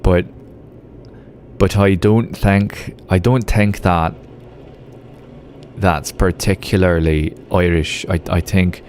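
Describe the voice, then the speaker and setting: A man's voice: sits low, fairly even intonation, takes it slowly, pauses often, a little mellow, a little hiss or hum. A man with an Australian accent chatting casually with his live-stream audience while gaming, rambling with lots of filler words. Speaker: game streamer.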